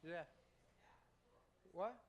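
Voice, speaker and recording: A man's voice: extremely slow, lo-fi sound. A man hosting a live university poetry slam, joking with the crowd and counting down to each poet. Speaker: slam emcee. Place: university event hall.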